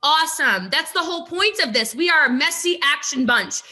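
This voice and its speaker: A woman with a high, bright voice talks fast and with emphasis, pushing her point hard on a video call. She often breaks into laughing asides as she speaks to her listeners in a network marketing talk. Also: animated. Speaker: network marketing top recruiter.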